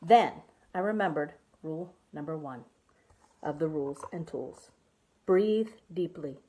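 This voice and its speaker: A woman minister reads a children's story aloud during worship. Her pitch swings widely as she storytells, rising and dipping to act out the tale. Her delivery is expressive and animated. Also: measured pace.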